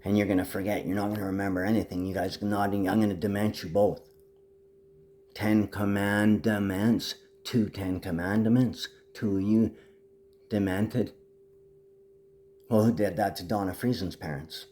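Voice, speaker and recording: Rambling, swearing man with a low voice. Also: fairly even intonation, a little fast, slight background noise. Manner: swings from low mutter to loud high outbursts. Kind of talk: rambling monologue to camera.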